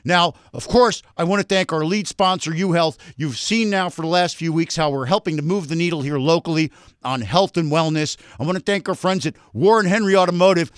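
A man hosting a radio talk show, chatting with guests and running through sponsor thanks in a jokey, fast-moving way. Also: fairly high pitch, clear, resonant tone, no echo, studio quality. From Florida. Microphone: studio microphone.

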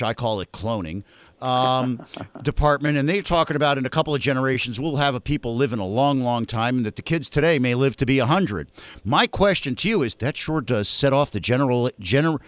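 A man hosting a radio talk show, chatting with guests and running through sponsor thanks in a jokey, fast-moving way. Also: mid-range voice, a bit bright, no room sound. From Florida. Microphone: studio microphone.

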